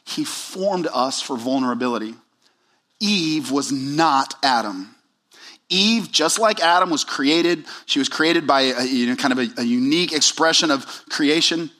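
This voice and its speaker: A man's voice: fairly high pitch, expressive, a little slow, bright, forceful tone. A male pastor delivering a sermon in an earnest way, drawing out key words for emphasis.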